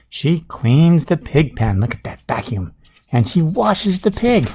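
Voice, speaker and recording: A man's voice: medium pitch, lively intonation, measured pace, gravelly, darkish tone, husky. A man reading a storybook aloud at bedtime, with playful asides to a child listener. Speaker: storybook reader.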